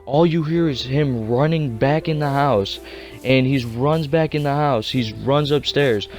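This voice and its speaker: A man's voice: mid-range voice, a little slow, a little mellow, soft background music. A young man casually telling a rambling, slangy story. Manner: rambling, slangy, laid-back.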